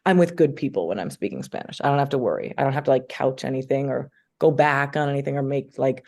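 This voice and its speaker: Gravelly-voiced actress chatting eagerly. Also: female voice, extremely low pitch, fast, darkish tone. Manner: enthusiastic, chatty, many filler words. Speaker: actress guest. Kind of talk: casual interview chat.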